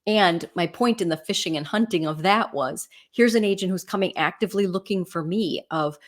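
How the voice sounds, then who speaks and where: A middle-aged woman from the Midwest with a slightly low voice talks shop as a real estate agent. She teaches through rambling stories and keeps checking in with the listener with "right?" and "you know.". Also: moderate pace. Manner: chatty storyteller, frequent "right?" and "you know" asides. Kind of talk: casual teaching talk.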